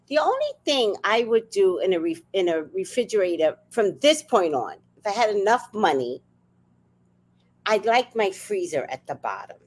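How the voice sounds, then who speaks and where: American woman, livestream host, lively swooping pitch, chatty storytelling. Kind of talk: casual chat.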